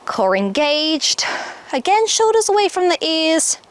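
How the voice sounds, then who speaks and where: A young adult woman teaching a yoga class outdoors, giving calm step-by-step cues. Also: very high-pitched, measured pace. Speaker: yoga instructor. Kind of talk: guided yoga class instruction. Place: outdoors, birds audible. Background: faint outdoor ambience with birdsong.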